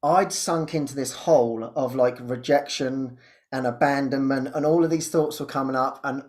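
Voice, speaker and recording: Male spiritual host telling stories with lively laughter, mid-pitched. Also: moderate pace. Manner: animated storytelling, laughs often, jumps high when quoting. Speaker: spiritual teacher and podcast host. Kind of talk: casual spiritual sharing.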